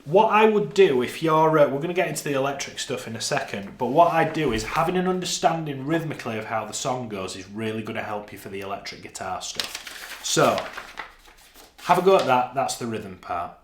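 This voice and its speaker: A man's voice: medium pitch, fairly bright tone. Male Northern English guitar tutor, mid voice, echoey room, guitar playing behind. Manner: talks through parts while playing, counting beats aloud. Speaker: guitar teacher. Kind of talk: guitar lesson.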